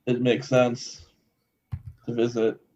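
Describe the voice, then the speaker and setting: A man from Wisconsin, co-hosting a podcast in easygoing casual chat and quick to laugh. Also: medium pitch, completely flat delivery, darkish tone, highs cut off. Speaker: podcast co-host.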